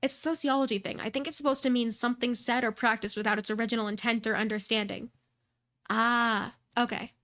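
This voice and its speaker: A woman's voice: on the high side, fairly even intonation, brisk, fairly bright tone. A woman streamer reading a visual novel's dialogue aloud, voicing every character in a near-plain voice and adding brief asides.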